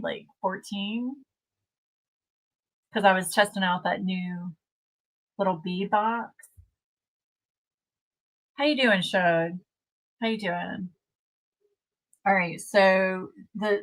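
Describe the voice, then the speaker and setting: Woman host, unhurried chatty live-stream talk. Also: mid-range voice, a bit bright, rough recording. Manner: chatty, reads viewer comments aloud. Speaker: livestream host. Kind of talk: casual livestream chat.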